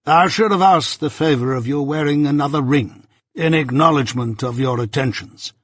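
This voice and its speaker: A man's voice: on the high side, moderate pace, dry recording, clean studio sound, close to an everyday voice. A man voicing a condemned male prisoner who speaks politely and formally, read as an audiobook.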